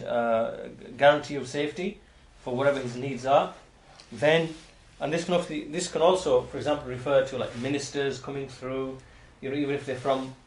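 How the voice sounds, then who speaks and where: A man giving an explanatory lecture on hadith as a religious teacher, talking in a halting way with frequent restarts and repeated words. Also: mid-range voice. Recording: roomy echo.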